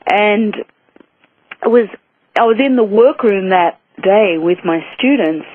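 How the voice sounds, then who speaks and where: A woman's voice: mid-range voice, takes it slowly, slightly rough. A woman guest in a phone interview, earnestly telling a personal story with many restarts. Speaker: guest, spiritual author and healer. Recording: tinny phone line, dry.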